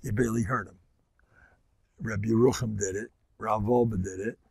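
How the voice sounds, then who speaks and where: A hoarse older man gives a rambling Torah class. His voice is raspy and full of fry, and it swings between near-whispers and sudden loud bursts. The sound is close and dry. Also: on the low side, steady tone, moderate pace, no echo. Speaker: rabbi giving a Torah class. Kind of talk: informal Torah lecture with stories.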